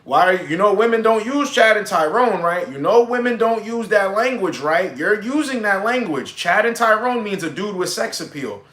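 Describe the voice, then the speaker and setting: A man's voice: sits high, lively intonation, moderate pace, few pauses, a bit bright, reverberant. A young man, a dating coach on a stream, chatting casually in blunt, slangy talk with plenty of swearing. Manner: acts out both sides of pickup scenes. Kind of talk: casual livestream chat.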